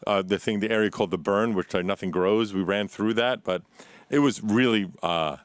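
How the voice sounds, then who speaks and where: A man's voice: on the low side, normal speed, smooth, no room sound. A man guest telling rambling travel stories in casual chat, swearing casually.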